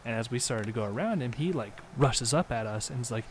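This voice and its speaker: A man's voice: medium pitch, expressive, a little fast, slight background noise. Earnest young man telling a story. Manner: earnest, rambling, many ums. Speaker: podcast co-host. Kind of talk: casual storytelling.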